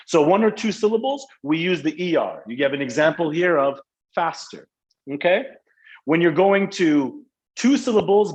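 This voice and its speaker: A man's voice: a little high, rough recording. A man teaching a live online English grammar class, explaining in a chatty, joking way.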